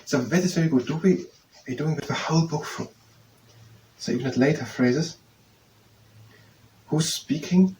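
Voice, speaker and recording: Teaching himself French, a man reads aloud from a phrase book, pausing and thinking out loud as he slowly repeats each phrase several times. His pitch is medium, and the distant mic picks up faint room noise.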